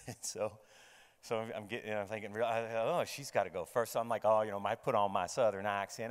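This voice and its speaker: A man from the United States giving a keynote, telling a comic story in an animated, profane way and acting out his own thoughts. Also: on the low side, a little fast. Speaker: keynote speaker. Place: large conference hall. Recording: echoey hall reverb.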